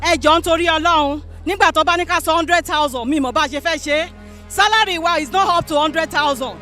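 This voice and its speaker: A woman's voice: very high voice, fast talker, sharp tone, faint music behind, rough recording. A Nigerian woman with a Yoruba accent, a mother pleading passionately at an outdoor street protest, chanting and begging.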